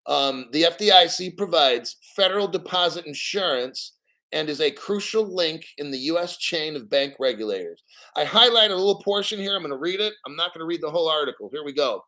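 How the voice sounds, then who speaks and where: A man's voice: a little high, animated, fairly quick, sharp tone. A middle-aged man hosting a crypto channel, ranting casually and bluntly with plenty of swearing and reading out bits of news. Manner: blunt, profane, rambling, reads out news. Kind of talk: casual live stream rant.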